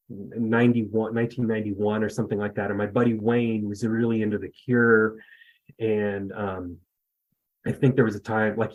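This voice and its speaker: A man's voice: lowish voice, darkish tone, poor audio. A man in his fifties from the US West Coast, a podcast guest telling a story in a rambling, self-deprecating way. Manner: rambling, self-deprecating, many fillers and restarts. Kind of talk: casual storytelling.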